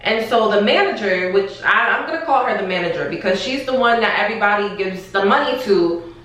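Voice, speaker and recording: A young woman telling a story in a casual vlog, in an animated, exasperated way, with slang and swearing. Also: mid-range voice, a little fast. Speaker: vlogger. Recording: echoey room, far from the mic.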